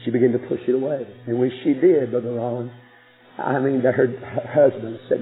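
A man preaching a sermon, telling a story emphatically with sudden soft drops in his voice. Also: medium pitch, fairly even intonation, normal speed. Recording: muffled radio broadcast with faint music.

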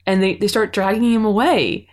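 A woman co-hosting a podcast, recapping a TV episode in an animated, exclaiming way. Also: mid-range voice, moderate pace. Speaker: podcast co-host. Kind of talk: casual chat recapping a TV episode.

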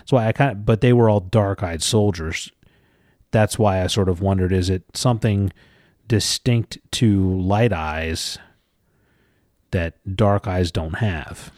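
A man's voice: low voice, slow pace, a little mellow, dry recording, studio quality. A man co-hosting a podcast, chatting about a book in an easygoing, agreeable way. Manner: easygoing, agreeable, frequent "yeah". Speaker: podcast co-host. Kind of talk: casual book discussion.

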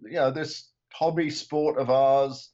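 A man's voice: mid-range voice, fairly even intonation, takes it slowly, mellow. Older guy from england on a podcast, lots of ums, kinda dull audio. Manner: chatty, hesitant with frequent ums and restarts. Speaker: podcast guest. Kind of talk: casual interview chat.

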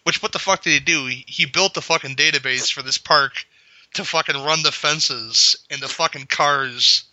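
A man's voice: a little high, normal speed, bright, forceful tone, no echo. A man co-hosting a casual movie chat, laid-back and teasing, who swears a lot. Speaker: podcast co-host. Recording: dry, dull lo-fi recording.

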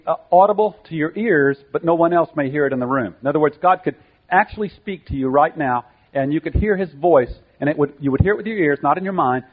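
Preacher, male, somewhat high voice, husky, emphatic and earnest, thin phone-like audio. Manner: earnest, emphatic teaching with repeated phrases. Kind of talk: sermon. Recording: tinny phone-like sound.

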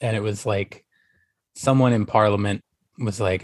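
Lower voiced guy rambling on a podcast, lots of ums, dry sound. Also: steady tone, normal speed, long pauses, no room sound. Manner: rambling, hesitant, many fillers. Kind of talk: casual chat.

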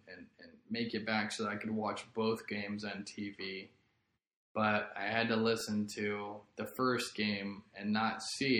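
A man's voice: fairly low pitch, fairly bright tone. A man hosting a podcast, rambling through a casual solo monologue in a laid-back way and swearing freely. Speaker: podcast host. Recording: roomy echo.

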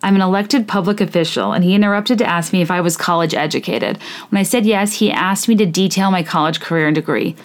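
A woman's voice: on the low side, quick pace. A woman hosting a casual podcast, reading listener stories aloud and reacting candidly and indignantly, with many "like" fillers.

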